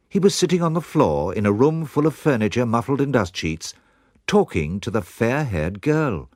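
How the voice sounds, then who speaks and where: A man narrating a children's storybook in an expressive, measured way. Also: lowish voice, no room sound, clean studio sound. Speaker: audiobook narrator.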